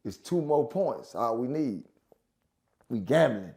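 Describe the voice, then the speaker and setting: A man telling profane, animated prison stories in casual chat, repeating phrases for effect. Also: mid-range voice, slow pace, creaky. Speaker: guest storyteller.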